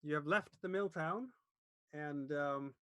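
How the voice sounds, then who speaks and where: A man narrating a tabletop game as game master, pausing often to search for words. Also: on the high side, a crowd in the background.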